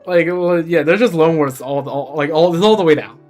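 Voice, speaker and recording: A man's voice: fairly high pitch, moderate pace, darkish tone, faint music behind. A man streaming a game, chatting casually in a rambling way and repeating words as he thinks. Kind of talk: casual gameplay commentary.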